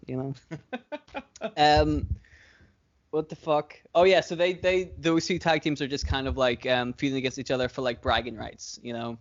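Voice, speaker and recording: A man's voice: medium pitch, fairly even intonation, moderate pace, highs cut off. A man co-hosting a casual chat, rambling and swearing freely with frequent laughs. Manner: rambling, profane, laughs often. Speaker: podcast co-host booking wrestling shows.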